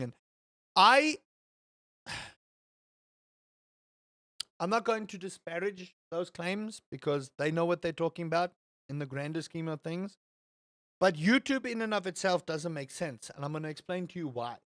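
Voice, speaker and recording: A man's voice: a little high, lively intonation, unhurried, long pauses, fairly bright tone, no room sound, studio quality. A man streaming live, chatting casually and rambling as he answers his chat. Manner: rambling, talks to chat, self-interrupting. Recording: faint music behind.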